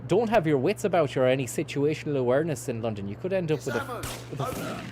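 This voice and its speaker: A man's voice: a little high, lively intonation, quick pace, crowd noise. A man streaming a game, rambling and swearing casually while he reads out and answers chat messages. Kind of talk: casual let's-play commentary.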